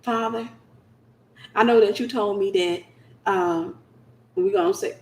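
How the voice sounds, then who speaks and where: A woman voicing a desperate churchwoman who prays loudly and commandingly against a rival. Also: mid-range voice, slow pace. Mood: pleading. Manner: fervent, commanding prayer. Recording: roomy echo.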